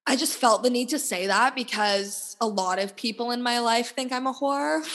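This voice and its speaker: A woman's voice: a little high, moderate pace, a bit bright. A young woman in her twenties hosting a casual solo podcast, talking candidly with lots of "like" fillers and laughter. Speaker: podcast host. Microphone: podcast mic.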